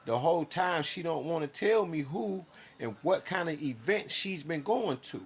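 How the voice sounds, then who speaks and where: A man's voice: on the high side, animated, normal speed, breathy edge. A man telling his own story in a casual, profane monologue, acting out his side of conversations.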